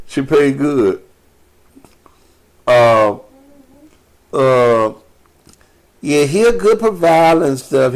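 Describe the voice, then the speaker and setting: Male call-in host, foul-mouthed joker, mid-pitched everyday voice. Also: a little mellow. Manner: crude, profane, joking banter. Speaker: radio call-in show host, addressed as pastor. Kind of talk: live call-in talk show.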